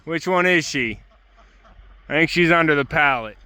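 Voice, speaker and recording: A man's voice: fairly high pitch, lively intonation, normal speed, smooth, no room sound. A man on a homestead talking casually and soothingly to his chickens and dog in the coop on a winter day. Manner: gentle, coaxing, soothing talk to animals. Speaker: homesteader vlogger.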